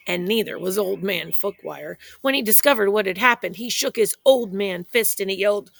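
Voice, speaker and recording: A woman reading a children's picture book aloud in a playful, expressive way, speaking straight to young listeners. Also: medium pitch, moderate pace, creaky, hardly any pauses, dry recording. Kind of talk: children's story read-aloud.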